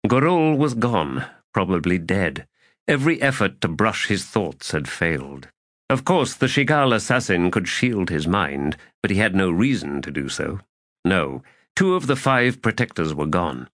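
A man with a lowish voice narrates a fantasy audiobook. His delivery is grave and measured, with dramatic weight. The sound is dry and close. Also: very animated, a bit bright, dry recording.

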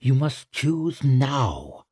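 A man voicing a solemn witch healer who speaks in measured riddles. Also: mid-range voice, very animated, a little mellow, breathy edge, dry recording, clean studio sound, full character voice. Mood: urgent.

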